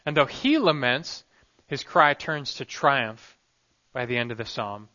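A man's voice: medium pitch, expressive, a little slow, sharp tone, muffled recording. A man preaching a sermon as pastor, earnest and emphatic, his delivery rising and falling.

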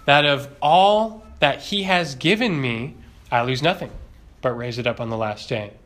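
A man's voice: mid-range voice, unhurried, a bit bright. A man teaching a doctrinal Bible lesson, emphatic, asking rhetorical questions and repeating key phrases.

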